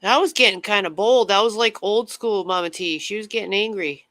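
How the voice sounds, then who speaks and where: A man's voice: high-pitched, fairly quick, sharp tone, no room sound. A man chatting casually with viewers on his livestream, rambling from topic to topic and swearing freely.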